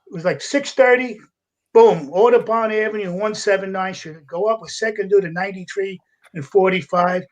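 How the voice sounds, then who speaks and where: An older man, a retired fire captain telling gruff, animated stories as a podcast guest. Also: sits high, normal speed. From United States. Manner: animated storyteller with a gruff, salty edge, acting out voices and laughing. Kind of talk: casual storytelling.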